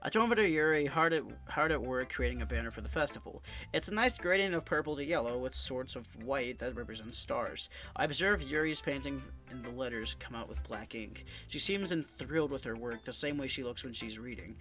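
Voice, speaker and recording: A man's voice: mid-range voice, lively intonation, fairly quick, hardly any pauses, bright, forceful tone, soft background music. A young man with a stuffy nose from sinuses, reading a visual novel game aloud in a subdued, somber way with stumbles. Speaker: let's-play narrator.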